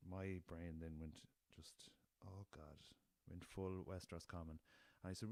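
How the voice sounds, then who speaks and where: A low-pitched Irish man chats alone into a podcast recorder, rambling and swearing as he tells a story. The sound is dry and close, with no room around him. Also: little pitch movement, measured pace, vocal fry, hardly any pauses, darkish tone, no room sound. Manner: rambling, swears freely, addresses listeners as lads. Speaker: podcast host. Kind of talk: casual solo storytelling. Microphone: podcast recorder with laptop.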